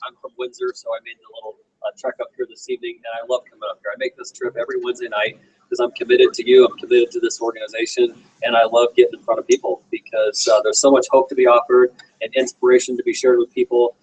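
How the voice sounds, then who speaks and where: A husky-voiced man in his forties stands before a roomful of people and tells a personal story, earnest and direct. He asks the listeners questions as he goes. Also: mid-range voice, level tone, fast, darkish tone, lo-fi sound. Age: 40s. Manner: earnest, personal, speaks straight to the audience. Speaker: guest motivational speaker. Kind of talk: personal story told to a meeting audience. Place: meeting room with an audience.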